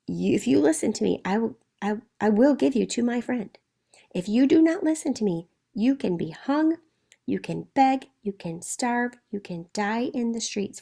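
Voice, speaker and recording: A woman's voice: a little high, creaky, warm tone. A woman reading an angry ranting father. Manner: harsh, emphatic, name-calling. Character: stern angry father, older man, ranting.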